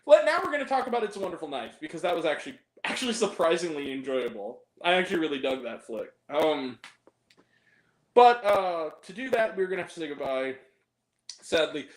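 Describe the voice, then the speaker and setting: A man's voice: fairly high pitch, animated, a little fast, roomy sound. A man hosting a movie review podcast, chatting casually in a rambling, profane way, full of fillers and giggles. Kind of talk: casual chat.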